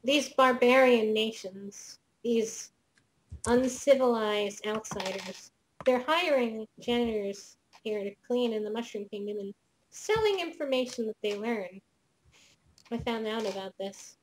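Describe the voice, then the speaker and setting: A hunted male janitor informant spills secrets in hushed, urgent confessions, as a woman game master plays him. The voice sits fairly high for a woman. Faint noise hums behind the tabletop role-play. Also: unhurried, natural voice, poor audio. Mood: secretive.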